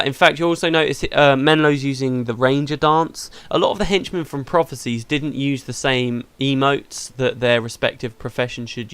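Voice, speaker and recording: A man's voice: medium pitch, fairly bright tone, smooth, no room sound. A man hosting a let's play, chatting casually through the game and laughing easily.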